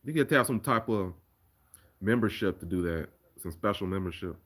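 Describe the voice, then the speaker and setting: A man's voice: sits low, lively intonation, a little fast, a bit bright. A man hosting a casual live stream, chatting loosely with viewers about fights and his remixes, often restarting sentences. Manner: rambling, conversational, restarts often. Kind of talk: casual live chat reading viewer comments.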